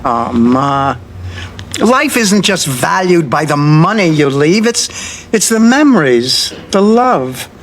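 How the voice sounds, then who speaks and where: An actress playing a middle-aged, sardonic daughter in a sitcom, with a low, husky, deadpan delivery. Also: female voice, takes it slowly, exaggerated voice. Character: sardonic grown daughter, exasperated, quick-tongued. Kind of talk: sitcom acting. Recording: noisy TV audio with studio audience laughter.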